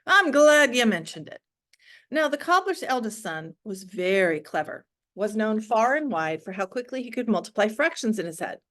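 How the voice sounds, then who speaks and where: A woman's voice: medium pitch, moderate pace, few pauses. Woman teacher reading a story aloud. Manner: expressive reading, casual asides.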